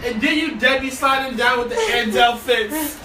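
A woman's voice: on the high side, unhurried, background noise. Young woman, slangy casual chat, distant from the mic, echoey room. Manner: slangy, laughing as she tells stories.

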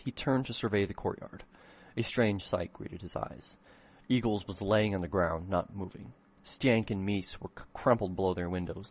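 Husky man reading fan fiction aloud. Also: lowish voice, darkish tone, dull audio. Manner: self-mocking, swears in frustrated asides. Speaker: reader of his own old fan fiction. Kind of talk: comedic dramatic reading with asides.

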